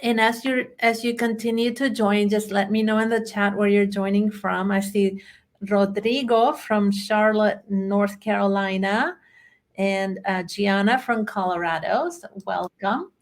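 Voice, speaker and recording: An effusive, chatty woman with a Chilean accent opens a live online webinar as its trainer and host. She sits at an ordinary middle pitch and runs through the attendee list by name with easy, friendly energy. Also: fairly even intonation, a little slow. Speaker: bookkeeping trainer hosting a webinar.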